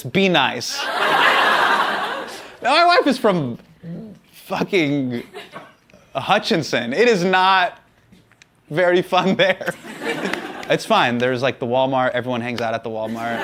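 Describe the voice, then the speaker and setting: A man answering audience questions in a casual comedic Q&A, animated and joking, laughing often. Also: on the high side, noisy background.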